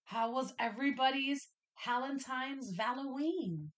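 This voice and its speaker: Giggly high-voiced woman host. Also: unhurried. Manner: giggly, playful banter. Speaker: podcast host. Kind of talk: casual chat.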